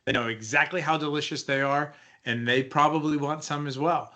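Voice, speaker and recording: A man's voice: fairly high pitch, a little fast, pushed and bright. A man co-hosting a leadership podcast as a coach, talking casually and emphatically, often asking rhetorical questions.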